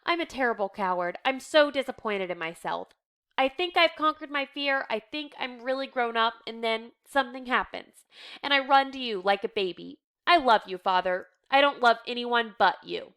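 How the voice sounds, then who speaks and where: A woman's voice: fairly high pitch, moderate pace, fairly bright tone, clean tone. A woman voicing a frightened, defiant teenage girl in an earnest, pleading read.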